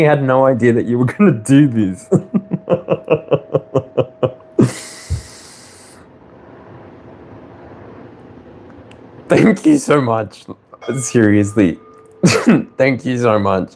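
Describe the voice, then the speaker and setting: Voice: mid-range voice, animated, drawn-out words, pauses often. A tarot reader with an Australian accent who gushes with thanks, laughs often and talks while close to tears. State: near tears. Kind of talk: casual online tarot reading.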